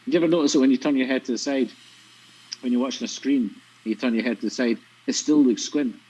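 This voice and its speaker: Scottish male commentator, husky, dry wit, lo-fi stream sound. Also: medium pitch, fast, warm tone. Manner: dry, teasing, explanatory. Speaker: pool commentator. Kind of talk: live sports commentary with banter. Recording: lo-fi stream audio.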